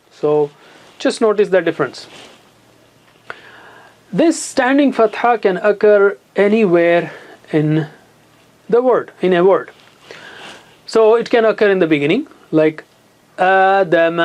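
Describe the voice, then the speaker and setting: A man teaching Quran recitation in a classroom lesson, patiently repeating letter sounds and words for students to copy. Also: sits high.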